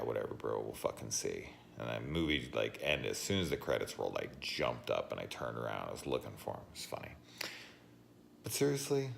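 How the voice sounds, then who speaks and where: A very deep-voiced man with a gravelly, fry-heavy edge tells a story in a loose, swearing vlog rant. He laughs between lines, and a faint hiss sits under his voice. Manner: profane, animated, laughs while telling stories. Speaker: horror movie reviewer.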